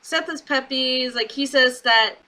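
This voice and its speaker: A young woman chats through a wrestling recap in a relaxed vlog style, laughing often and putting on little voices for the people she quotes. Her voice is bright and a touch high. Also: poor audio. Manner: giggly, acts out quotes in quick little voices. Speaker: wrestling show reviewer.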